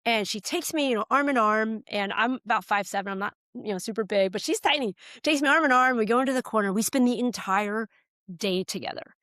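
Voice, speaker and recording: A woman's voice: a little high, a little fast, a bit bright, no room sound, studio quality. An American woman, a political candidate, telling a heartfelt personal story as a podcast guest, earnest and at times choked up. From United States.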